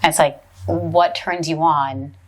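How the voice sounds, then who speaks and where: Low-voiced woman podcast host, laughs easily. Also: steady tone, unhurried. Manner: curious, laughs easily, conversational. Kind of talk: casual podcast interview.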